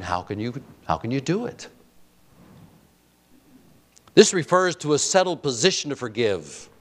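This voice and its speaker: A male pastor delivering a sermon, firing off rhetorical questions and swinging between loud emphasis and quiet, soft lines. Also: on the high side.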